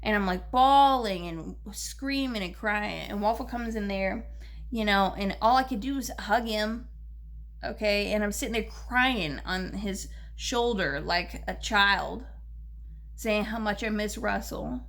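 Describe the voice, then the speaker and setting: A young woman, talking in a personal vlog about her grief, halting and repeating herself, short on sleep. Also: mid-range voice, a bit bright. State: grieving, lacking sleep. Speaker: vlogger.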